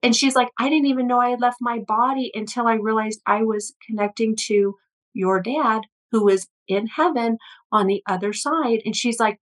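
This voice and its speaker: A woman's voice: fairly high pitch, fairly even intonation, normal speed, rough recording. A middle-aged woman, an energy healer, telling stories about her sessions in an earnest conversational interview, often repeating words as she starts a sentence.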